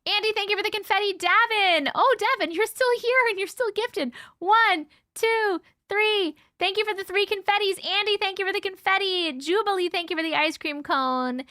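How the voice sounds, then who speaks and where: A woman's voice: very high voice, moderate pace, hardly any pauses, pushed and bright, no echo, studio quality. A woman hosting a casual livestream, chatting and reading chat aloud, swearing casually, her voice strained and fading. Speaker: livestream host reading viewer stories.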